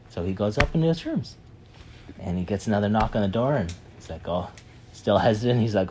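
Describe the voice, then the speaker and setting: A man telling a parable in a casual, animated way, with many fillers and repeats. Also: lowish voice, fairly quick, a little hiss or hum. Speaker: speaker retelling a parable. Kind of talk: animated storytelling talk.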